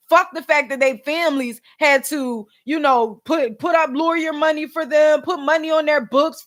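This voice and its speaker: A young woman from Philadelphia, a vlogger and podcast host, rants on a live stream, tearful and upset, her high, fairly bright voice close to crying. She speaks bluntly and swears heavily throughout this emotional outburst.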